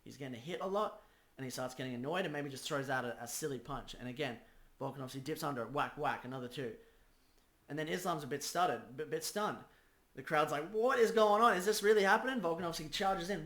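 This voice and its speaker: A man's voice: on the high side, fairly bright tone, roomy sound. A man giving a casual fight breakdown, acting out scenarios play by play. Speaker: combat sports analyst.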